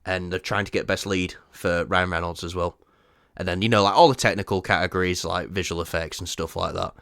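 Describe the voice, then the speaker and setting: A man's voice: deep voice, fairly even intonation, fairly quick, gravelly, a bit bright, dry recording, clean studio sound. A man co-hosting a casual movie news chat, teasing his partner and swearing freely. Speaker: podcast co-host.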